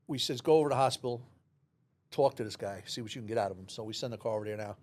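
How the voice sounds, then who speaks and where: A man, a former police officer, telling a lively story in an interview and acting out the voices. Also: medium pitch, quick pace. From New York City. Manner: animated storyteller, acts out dialogue, many restarts.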